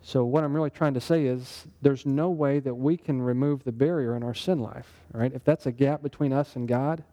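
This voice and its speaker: A man's voice: medium pitch, steady tone, moderate pace, hardly any pauses, mellow. A man teaching a Bible lesson in a conversational sermon style, often putting questions to his listeners. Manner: conversational, asks the group questions. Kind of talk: interactive sermon.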